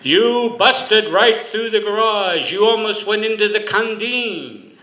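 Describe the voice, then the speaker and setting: A gruff, teasing old Italian grandfather with a thick Italian accent, as a man puts him on. He speaks slowly and emphatically, high and strained, and the sound rings around a roomy hall. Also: sharp tone, full character voice. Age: older.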